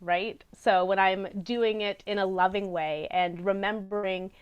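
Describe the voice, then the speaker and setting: A woman speaks in an unhurried, reflective conversational style. She is earnest and thoughtful and sometimes stops mid-thought to search for a word. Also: mid-range voice, fairly even intonation, clear, resonant tone, dull audio. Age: adult parent. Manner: earnest, gently searching for words, with soft laughs. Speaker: podcast co-host.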